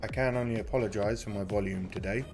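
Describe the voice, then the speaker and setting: Chatty British streamer, music behind. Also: male voice, lowish voice, fast talker. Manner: chatty, greets viewers by name, apologetic about his mic volume. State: in some pain from a muscle injury. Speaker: live stream host. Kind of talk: casual live-stream chat reading comments. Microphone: close desk mic.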